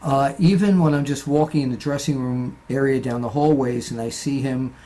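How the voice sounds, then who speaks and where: Guy hosting a chat, mid-pitched, halting, lots of "uh". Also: warm tone. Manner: brief encouraging interjections, halting. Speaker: interviewer, host. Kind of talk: casual interview.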